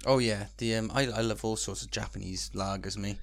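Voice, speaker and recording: A man's voice: lowish voice, fairly even intonation, brisk, vocal fry. A man co-hosting a podcast in casual banter, laid-back and swearing, laughing a lot. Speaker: podcast co-host.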